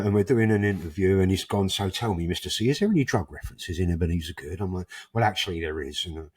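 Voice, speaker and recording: A man's voice: low-pitched, husky. A man, a podcast guest telling cheeky anecdotes in a casual interview and acting out the people in them. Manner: cheeky, animated anecdotes with acted-out quotes. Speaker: podcast guest, musician and club founder.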